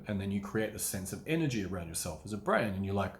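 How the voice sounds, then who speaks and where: Lowish male coach, chatty solo monologue, rambling, acts out his inner voice, casual swearing. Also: expressive, fast talker, few pauses, fairly bright tone. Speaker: business coach. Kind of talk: casual solo talk to camera.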